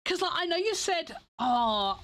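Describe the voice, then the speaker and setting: A woman's voice: extremely high pitch, very animated, measured pace, fairly bright tone. A young woman with an English accent, chatting casually with her stream viewers in a rambling way, full of fillers and restarts. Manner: rambling, filler-heavy, self-interrupting.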